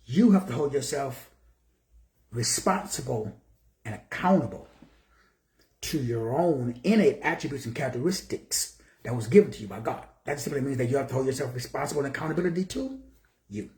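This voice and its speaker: This motivational speaker, a man in his sixties from Texas, sounds animated, brisk, and a little mellow at a medium pitch. Speaking from his echoey office, he greets viewers by name and drives his message home with rhetorical questions.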